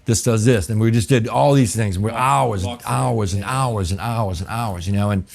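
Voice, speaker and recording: Guesting to tell his story, a middle-aged chef from New Orleans rambles through a long tale in a deep, low, vocal-fried voice and a New Orleans accent. He curses freely and plugs every pause with "you know" and "I'm like."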